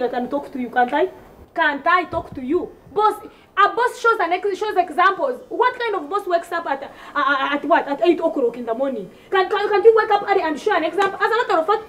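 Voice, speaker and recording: A woman comedian playing a defiant young housemaid who talks back to her boss with cheeky mockery. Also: extremely high pitch. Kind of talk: comedy sketch acting.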